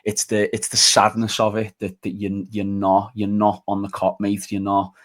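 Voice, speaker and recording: A man's voice: on the low side, completely flat delivery, moderate pace. A young man ranting in casual chat as a podcast panelist. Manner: exasperated, ranting.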